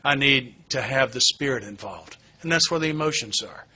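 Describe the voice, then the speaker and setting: A middle-aged man tells his own story to a recovery meeting, earnest and plain-spoken, with flashes of wry humor. His voice is strikingly bright and forceful. He speaks at an even, ordinary pitch. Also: moderate pace. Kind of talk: candid personal testimony talk. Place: meeting hall.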